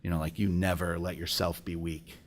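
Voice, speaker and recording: A middle-aged man speaks at a moderate pace in a low-sitting voice with a flat delivery. Addressing a business breakfast in an event hall, he offers an emotional personal testimony, telling a story and acting out the dialogue.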